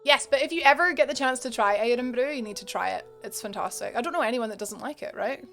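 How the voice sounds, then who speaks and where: Scottish lady streaming a game, kinda high voice, rambly and laughy, bit of music in the back. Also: quick pace, creaky, a bit bright. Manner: chatty, rambling, laughs often, answers chat by name. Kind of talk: casual live-stream chat with viewers.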